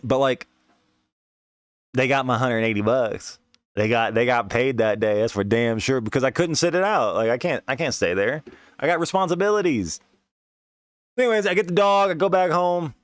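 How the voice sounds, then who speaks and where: A man's voice: mid-range voice, no room sound, studio quality. Rambling, profane man spinning a yarn. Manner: leans on filler tags. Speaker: podcast host. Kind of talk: casual storytelling.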